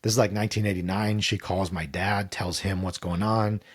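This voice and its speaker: A man's voice: deep voice, steady tone, moderate pace, breathy edge. A middle-aged man, a podcast guest, candidly telling a personal story in an interview and acting out the voices he quotes.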